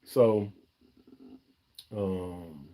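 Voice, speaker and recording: A man's voice: deep voice, very slow, warm tone. A man, hosting a casual live-stream chat for a fishing channel, talking in a chatty, emphatic way and often calling viewers "y'all" and "man".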